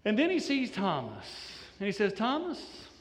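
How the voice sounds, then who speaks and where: A man preaching a sermon and acting out the quoted voices with dramatic swings between loud and soft. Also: wildly swooping pitch, unhurried, in a large hall. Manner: dramatic, acts out the quoted voices with big swings of pitch and loudness. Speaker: pastor.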